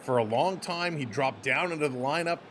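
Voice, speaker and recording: A man's voice: on the high side, brisk, background noise. A man hosting a live sports stream, calling plays casually and chatting with his viewers in a rambling way. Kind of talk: casual play-by-play and chat reading.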